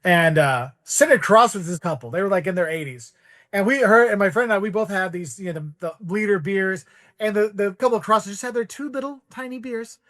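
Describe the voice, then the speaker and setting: In his forties and a podcast guest, this man tells meandering travel stories in a casual way, doing voices for the quotes. He talks fairly quickly in a high-pitched, slightly bright voice. The recording is dry and of studio quality.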